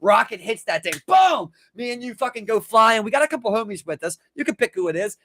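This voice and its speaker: A man with a Baltimore accent co-hosting a podcast, telling animated stories and acting out shouts. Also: sits high, quick pace, slight background noise. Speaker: podcast co-host. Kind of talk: casual chat.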